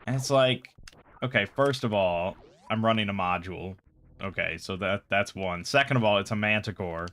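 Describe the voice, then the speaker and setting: A man's voice: fairly low pitch, normal speed, fairly bright tone. A man hosting a casual chat show, retelling a game session in a rambling, exasperated way. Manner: rambling, exasperated storytelling with many fillers. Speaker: podcast host.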